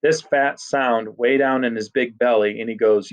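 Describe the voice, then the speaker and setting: A man's voice: medium pitch, fairly even intonation, normal speed. A man narrating a story in a casual first-person voice. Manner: casual teenage-boy first-person telling. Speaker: audiobook narrator. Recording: dull lo-fi recording.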